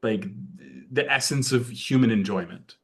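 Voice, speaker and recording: Man, podcast guest, low-pitched voice, playful joking delivery. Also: measured pace, creaky. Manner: joking, animated, filler-heavy. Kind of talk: casual conversation.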